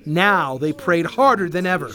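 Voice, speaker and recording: An expressive children's storyteller reading a scripted Bible tale aloud. The voice rises and falls with very lively pitch at a middling register. Faint music runs underneath. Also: moderate pace. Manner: animated, expressive read-aloud.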